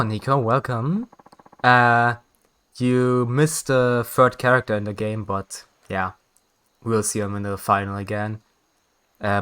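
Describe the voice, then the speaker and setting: Bright-voiced man chatting on a game stream. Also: lowish voice, clear, resonant tone. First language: German. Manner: chatty, self-correcting, laughs often. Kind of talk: casual game stream chat, reading dialogue aloud.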